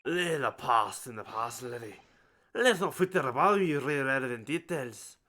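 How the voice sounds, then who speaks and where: Fields: Figure: streamer doing a gruff Scottish prison governor. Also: mid-range voice, animated, normal speed, pushed and bright. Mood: stern. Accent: put-on Scottish.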